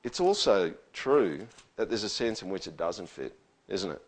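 Pastor preaching casually. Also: male voice, low voice, moderate pace. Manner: conversational, animated when quoting. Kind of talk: sermon.

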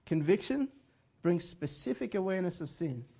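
A man's voice: high-pitched, big pitch swings, normal speed, gravelly, dark tone, breathy edge. A man preaching a sermon in an earnest, conversational way, often chuckling as he speaks. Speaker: pastor.

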